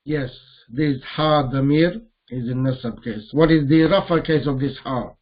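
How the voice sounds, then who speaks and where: A man teaching Arabic grammar in a lesson, slowly repeating terms and putting questions to his students. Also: medium pitch, lo-fi sound. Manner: slow, deliberate, repeats terms and quizzes students. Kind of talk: live online grammar lesson.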